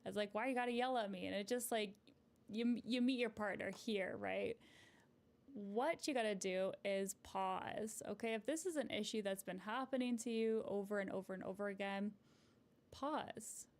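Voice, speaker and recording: Woman, couples therapist, live advice stream; mid-pitched, conversational, encouraging, checks in with "right?" often. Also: unhurried. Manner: gentle, encouraging, explanatory. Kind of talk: live-streamed advice chat answering viewer comments.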